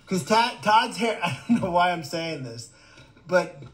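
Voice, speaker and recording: A man with a fairly high voice hosts a relaxed livestream, reading and answering viewer comments. He jokes around and rambles, often stammering and restarting his sentences. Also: a little slow. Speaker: animal sanctuary livestream host.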